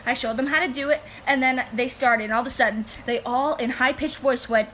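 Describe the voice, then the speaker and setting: A woman who works in a toy store, casually telling funny customer stories to camera, animated and laughing as she goes. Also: sits high, quick pace, hardly any pauses, a little hiss or hum. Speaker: retail store employee.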